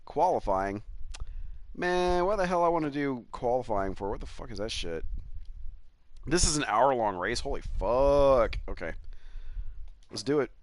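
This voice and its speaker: A man's voice: mid-range voice, a bit bright, no room sound. Profane, rambling male game streamer. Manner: rambling, profane, chuckling storyteller. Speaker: gaming streamer. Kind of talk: casual chat while live streaming a racing game.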